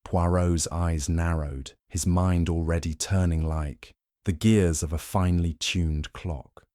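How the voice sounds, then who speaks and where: A man narrating a mystery audiobook in a measured, even storytelling manner. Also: low-pitched, no echo, clean studio sound.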